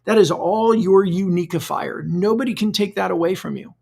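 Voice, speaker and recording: Middle-aged male podcast host with a heavy gravelly fry and a slightly high voice, chatty solo monologue with restarts. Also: normal speed, darkish tone. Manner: conversational, loose, repeats words while thinking.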